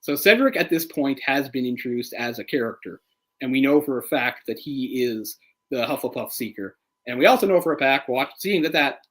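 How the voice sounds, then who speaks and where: A man co-hosting a casual live movie commentary, chatty and opinionated, getting heated and animated as he picks apart the adaptation. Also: medium pitch, rough recording. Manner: opinionated, gets heated and animated when ranting; chatty, full of "like" and restarts. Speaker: film commentary co-host.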